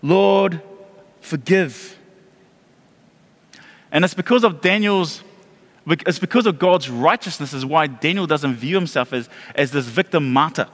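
A man preaching a sermon as pastor, animated, repeating himself and restarting phrases. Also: fairly high pitch, moderate pace, big-room sound.

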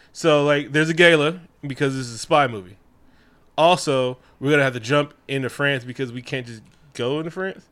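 A man co-hosting a casual movie recap chat, animated and profane, acting out characters' lines. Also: mid-range voice, a little fast. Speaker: podcast co-host.

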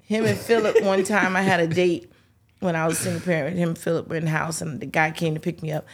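As a talk-show guest, the host's mother, a middle-aged woman with a fairly low voice, talks fast. She's animated, telling humorous family stories casually and acting out the voices of those involved.

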